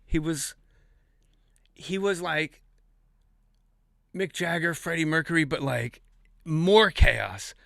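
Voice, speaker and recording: A man guesting on a podcast, telling comic stories in an animated, profane way, acting out quotes with sudden shouts. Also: a little high, takes it slowly, vocal fry, pauses often, dry recording, studio quality. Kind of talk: comic storytelling in a podcast interview.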